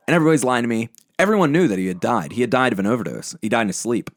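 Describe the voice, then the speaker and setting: A man's voice: mid-range voice, expressive, racing, no echo. A young man, a podcast guest, talking bluntly and intensely in casual conversation, swearing heavily as he tells personal stories. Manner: blunt, heavy swearing, intense emotional storytelling. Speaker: podcast guest, band lead singer.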